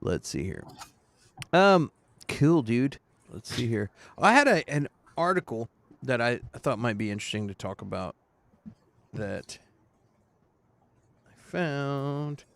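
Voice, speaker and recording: A man hosting a podcast in casual chat, rambling and halting with fillers and restarts. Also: medium pitch, lively intonation, vocal fry, no room sound. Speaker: podcast host.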